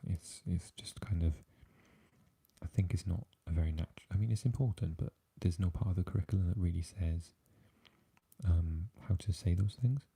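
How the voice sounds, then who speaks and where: A man from South Wales with a South Welsh accent, hosting a whispered ASMR stream, softly chatting through viewer comments and slipping between whisper and low voice. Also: moderate pace, creaky, slightly rough. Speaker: ASMR livestream host.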